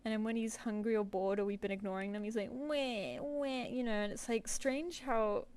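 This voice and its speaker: A woman's voice: medium pitch, fairly even intonation, a little fast, darkish tone, smooth. A woman with a British accent chatting casually with viewers while she works on a live stream, rambling with lots of fillers. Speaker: streaming artist.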